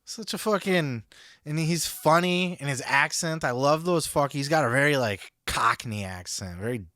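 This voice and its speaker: Excitable man commenting, dry sound. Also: fairly high pitch, normal speed, no echo. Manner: excitable, swearing, laughing asides. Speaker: podcast host. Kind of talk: reacting commentary.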